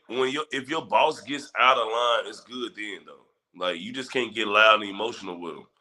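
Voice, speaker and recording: A man hosting a casual livestream, giving advice and answering chat viewers in a relaxed, conversational way. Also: fairly low pitch. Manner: laid-back, talks straight to chat viewers. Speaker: livestream host.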